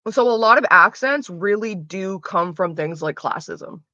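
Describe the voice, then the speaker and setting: A woman's voice: mid-range voice, expressive, measured pace, sharp tone, dry recording. Young woman, casual stream chat, rambling with fillers, dry close sound, slightly muffled lo-fi audio. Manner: rambling, many fillers and restarts, swears casually.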